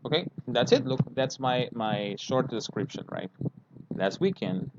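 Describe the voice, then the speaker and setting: A man leads an online English class at an unhurried pace, saying each word twice so learners catch it. His voice sits at an ordinary pitch and comes through a dull, muffled line. Noise hums clearly behind him. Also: sing-song. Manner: patient, repeats words slowly and checks understanding with "okay?". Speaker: English teacher. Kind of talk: online language lesson.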